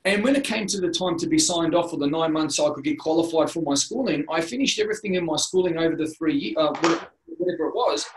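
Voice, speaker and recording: A middle-aged Australian man, a guest in an interview, tells his life story in a slightly high voice at a quick clip with few pauses. He's earnest and rambling, restarting often, in candid personal storytelling. The recording has a roomy echo.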